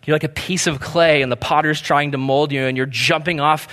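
A man delivers a sermon with earnest conviction, pushing hard on one point and sinking to a near hush on the next. His voice sits a little above the usual male range. A long reverb carries through the large hall around him. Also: a little high, normal speed, hardly any pauses. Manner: earnest, swings from emphatic to hushed. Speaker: pastor.

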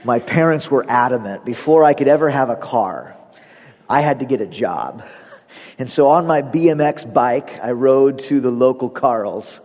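Animated pastor in an echoing hall. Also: male voice, mid-range voice, normal speed. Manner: animated storytelling, laughs often. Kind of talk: sermon. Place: church sanctuary. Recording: long reverb of a church hall.

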